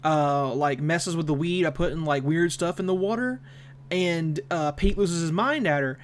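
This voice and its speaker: A man's voice: fairly high pitch, moderate pace, a little hiss or hum. A young man co-hosting a podcast, chatting casually about a show, often repeating words as he starts sentences. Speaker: podcast co-host. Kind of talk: casual review chat.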